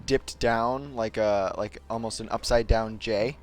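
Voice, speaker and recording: A man's voice: fairly low pitch, steady tone, unhurried. A man running a tabletop game as game master, narrating in a casual way with fillers and swearing.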